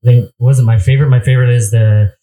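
A man's voice: medium pitch, fairly even intonation, rapid-fire, warm tone, rough recording. A man in casual chat, laid-back and agreeable, often repeating himself.

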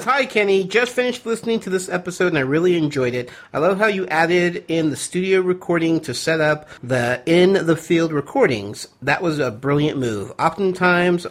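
A man hosting a podcast, chatting casually, laughing easily and reading out listener emails. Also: fairly high pitch. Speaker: podcast host.

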